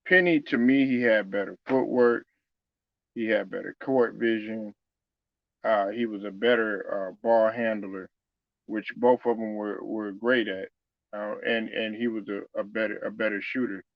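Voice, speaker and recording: A man's voice: fairly low pitch, little pitch movement, unhurried, vocal fry, no echo, lo-fi sound. A man talking casually about basketball, loose and conversational, with many fillers and restarts. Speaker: sports commentator. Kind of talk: casual basketball opinion talk.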